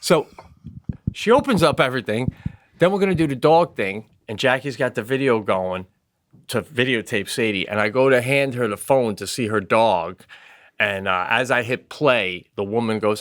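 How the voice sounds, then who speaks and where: A man co-hosting a comedy podcast, telling animated stories with frequent swearing while recovering from hip surgery. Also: mid-range voice, normal speed, no room sound, studio quality. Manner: animated storyteller, swearing, acting out voices. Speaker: podcast co-host. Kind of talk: casual comedic chat.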